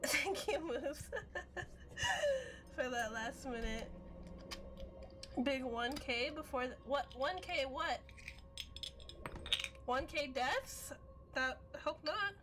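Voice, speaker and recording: A tipsy woman streaming a game, reacting loudly with swearing and laughter. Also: high voice, sing-song, drawn-out words, long pauses, over music. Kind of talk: live gaming stream with drinking game.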